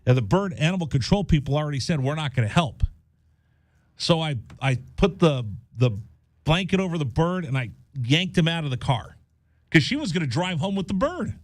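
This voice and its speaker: A man hosts a radio show from the studio, chatting casually in a fairly high voice that runs a little fast. With animation, he acts out the voices of the people in his story. There's no echo.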